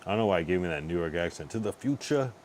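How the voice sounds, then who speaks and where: A tipsy male streamer chats loosely late at night, cursing freely and rambling from thought to thought. His voice sits very low, with a faint hiss of background noise behind it. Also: animated, very fast, darkish tone. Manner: loose, profane, rambling commentary. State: tipsy from drinking.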